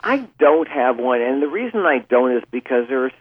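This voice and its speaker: A man, a voice actor, chatting casually as a podcast guest, telling stories in an animated, joking way. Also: mid-range voice, fairly quick, husky, no echo. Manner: animated storyteller, joking and self-deprecating. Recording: tinny phone-like remote line.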